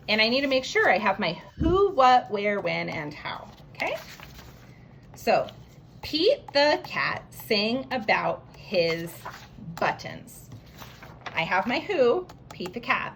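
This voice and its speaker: A woman teaching a writing lesson to young children, slowly sounding out each word letter by letter. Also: fairly high pitch, a bit bright, a little hiss or hum. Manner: slow, stretched phonics sounding-out. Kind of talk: early-grade writing lesson, sounding out words.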